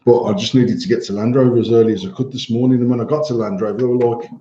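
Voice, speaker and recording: A man joins a livestream from his phone and tells blunt stories full of swearing. His voice is mellow and dark. It echoes around the room and sounds dull and lo-fi through the phone. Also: medium pitch, steady tone, racing. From England. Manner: heavy swearing, blunt anecdotes. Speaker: co-host of a vaping livestream. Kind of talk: casual storytelling banter.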